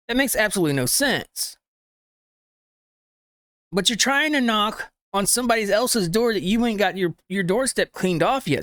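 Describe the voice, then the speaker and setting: A man's voice: high-pitched, a bit bright, no echo, clean studio sound. A man hosting a reaction video who scolds the clip's speaker with rhetorical questions and informal grammar. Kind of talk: reaction commentary.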